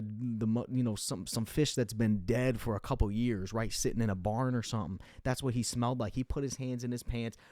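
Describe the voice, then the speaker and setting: Young guy rambling thru a profane funny story, lots of likes and you knows, mid pitch, dry close mic. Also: no echo. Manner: rambling, profane, animated storytelling with many fillers. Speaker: comedian telling a story. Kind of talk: casual storytelling monologue.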